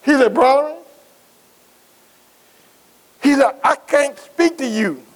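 An animated male pastor with an extremely high pitch preaches slowly, asking the congregation rhetorical questions and repeating words as he builds. The call-and-response sermon is heard through poor audio.

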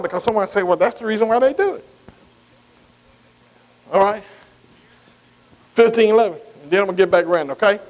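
High-voiced preacher man in a reverberant hall. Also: darkish tone. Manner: call-and-response questioning, repeating words; informal vernacular grammar. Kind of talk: sermon.

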